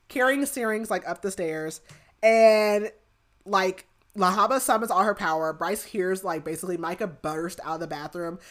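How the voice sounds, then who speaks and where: A young woman talks through a book recap in a loose, rambling flow, and "like" turns up in nearly every phrase. Her voice is bright and forward. She sounds like a podcast co-host chatting casually with a friend. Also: mid-range voice. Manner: rambling, filler-heavy retelling with lots of "like".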